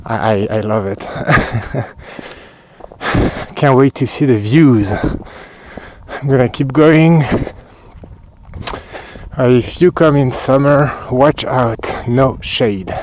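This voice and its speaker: A French man walks a hiking trail in cold weather, giving chatty vlog commentary with muttered asides and a touch of breathlessness. His voice is mid-range and a little mellow, a bit slow yet almost without pauses, on a rough recording with a little hiss or hum.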